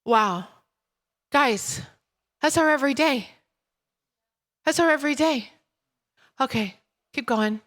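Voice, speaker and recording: A woman in her thirties preaching a sermon and telling a personal story in an animated way. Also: high-pitched, takes it slowly, long pauses. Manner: animated storytelling, breaks into laughter.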